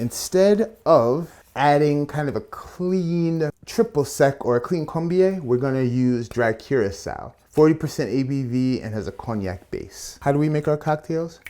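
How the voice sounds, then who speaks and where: Casting: male bartender host, mid-pitch, loose chatty tutorial delivery, playful slangy asides. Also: darkish tone. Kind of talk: casual cocktail tutorial.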